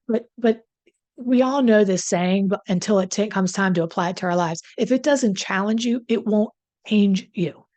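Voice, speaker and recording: A woman's voice: mid-range voice, normal speed, darkish tone. Chatty woman relationship coach. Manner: conversational, emphatic, self-deprecating asides. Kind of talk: direct-to-camera advice talk.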